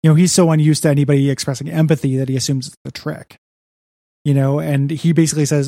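A man's voice: on the high side, level tone, fast talker, creaky, mellow, no room sound, clean studio sound. A man co-hosting a podcast, recapping a comic book in casual, rambling chat full of "you know" and "like". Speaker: podcast co-host.

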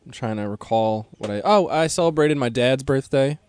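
A man co-hosting a comedy podcast, relaxed and mild as he talks about his week. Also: mid-range voice, moderate pace, smooth. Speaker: podcast co-host. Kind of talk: casual comedy podcast chat.

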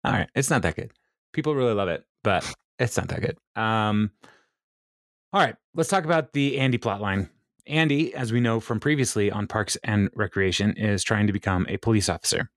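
A man co-hosting a podcast, recapping a sitcom in a relaxed chat, laughing often and quoting characters in animated voices. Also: lowish voice, moderate pace, dry recording, studio quality. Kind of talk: casual chat.

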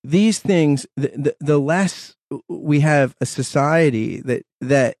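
A man's voice: a little high, takes it slowly, a little mellow, no room sound, clean studio sound. A man co-hosting a podcast in casual chat, earnest and stumbling over repeated words. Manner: earnest, stammering restarts. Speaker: podcast co-host.

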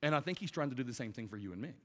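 A man in his forties preaching a sermon from a church stage, talking to the room like a conversation and swinging between loud bursts and hushed lines. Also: mid-range voice, lively intonation, very fast. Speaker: pastor. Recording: long hall reverb.

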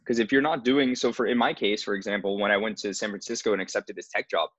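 A man's voice: on the low side, fairly even intonation, fast talker, fairly bright tone, dry recording, muffled recording. A man in casual conversation who speaks earnestly about finding one's path. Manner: earnest, spiritual talk.

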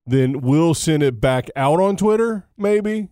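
A man's voice: on the high side, animated, slow, dark tone, no echo, clean studio sound. A man co-hosting a podcast in casual banter, joking at his own expense and swearing freely. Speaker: podcast co-host.

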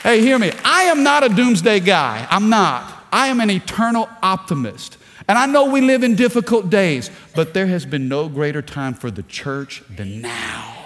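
A male pastor preaches with animated energy, pulling the congregation in with questions and building to shouts. His voice sits high for a man. Long reverb from the large hall trails behind his words. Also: normal speed, a faint crowd, a little hiss or hum. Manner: animated preaching, calls for audience response, rising to shouts. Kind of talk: sermon.

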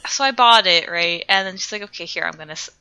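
A woman's voice: fairly low pitch, fast talker, bright, forceful tone, clean tone. A young woman co-hosting a podcast, telling a story in casual chat, laughing often, swearing and acting out what people said. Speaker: podcast co-host.

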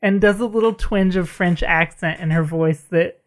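A woman's voice: lowish voice, moderate pace. A woman co-hosting a podcast in casual chat, wry and chatty, often laughing as she talks. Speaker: podcast co-host.

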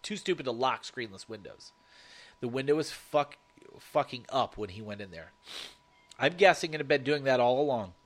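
A man narrating a first-person horror story, swearing freely and telling it with animated energy. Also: mid-range voice, normal speed.

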